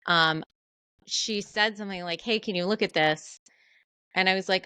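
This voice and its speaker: A woman co-hosting a podcast, talking in a candid, animated, self-deprecating way in casual chat. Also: medium pitch, normal speed, clear, resonant tone, dry recording. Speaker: podcast co-host.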